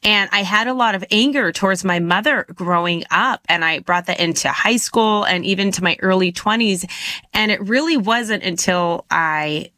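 A woman hosting a faith talk show, speaking earnestly and encouragingly, slowing down for emphasis. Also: medium pitch, pushed and bright, no echo. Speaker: host.

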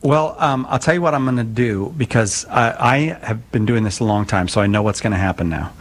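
A man hosting a live call-in radio show, chatty and joking with quick asides. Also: fairly low pitch.

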